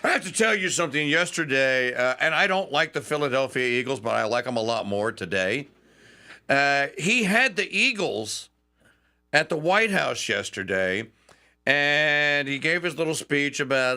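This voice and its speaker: Man, talk radio host, high gravelly voice, swings up and down in pitch, laughs a lot. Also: wildly swooping pitch, a little slow, bright, forceful tone. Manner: chatty, laughs often, mimics quotes animatedly. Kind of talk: casual talk radio commentary.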